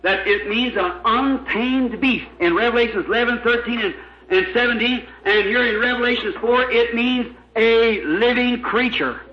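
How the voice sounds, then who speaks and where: High-voiced fervent preacher in echoey church. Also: male voice, moderate pace. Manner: emphatic, fervent, spells out words letter by letter. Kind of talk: sermon. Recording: echoey, dull lo-fi old recording.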